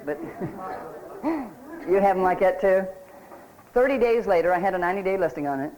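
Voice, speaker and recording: A man's voice: high voice, expressive, moderate pace, a little mellow, poor audio. Folksy man giving a sales seminar. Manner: folksy, anecdotal, asks the audience questions. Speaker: real estate sales trainer. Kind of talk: recorded seminar lecture.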